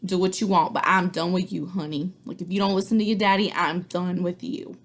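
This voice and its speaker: A woman's voice: fairly low pitch, fairly even intonation, a little fast. A woman voicing Lady Capulet, a cold noble mother who talks in a sassy, dismissive way.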